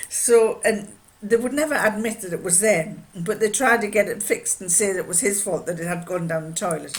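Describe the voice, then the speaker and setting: A woman's voice: medium pitch, a little fast. Older female sewing vlogger from northern England, midrange voice, rambling chat full of fillers. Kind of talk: casual chat.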